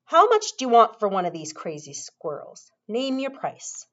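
A woman's voice: on the high side, very animated, normal speed, a bit bright. A woman voicing a self-important wealthy father making a brusque offer. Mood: pompous. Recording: dull lo-fi recording.

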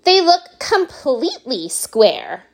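A woman's voice: high-pitched, sing-song, vocal fry, pitched above the performer's own voice, exaggerated voice. Brief: woman doing bratty rich girl from a storybook, whiny, drawn out. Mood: petulant. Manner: petulant, drawn-out.

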